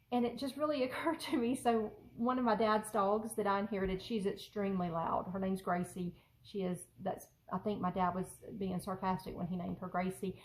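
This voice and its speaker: A woman talks to her camera from her craft room at home. She rambles, laughs often and fills her pauses with little ums, in a casual, chatty way. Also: mid-range voice, rough recording. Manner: rambling and giggly, many fillers. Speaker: journaling vlogger.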